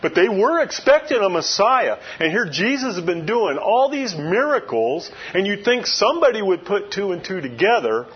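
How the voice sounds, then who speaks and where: A man's voice: sits high, sing-song, normal speed, few pauses, husky, highs cut off. A man preaching a sermon, retelling a story in a loose, conversational way with frequent asides. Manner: conversational storytelling with many "you know" asides. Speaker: pastor.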